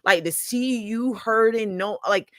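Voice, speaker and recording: A woman's voice: a little high, measured pace, no room sound, clean studio sound. A woman hosting a podcast, telling stories in a casual chat, laughing often and acting out the people she quotes. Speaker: podcast host.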